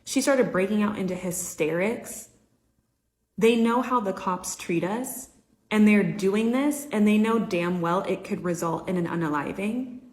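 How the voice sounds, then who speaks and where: A woman's voice: medium pitch, measured pace, a little mellow. A woman giving an indignant, emphatic reaction commentary. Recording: roomy echo.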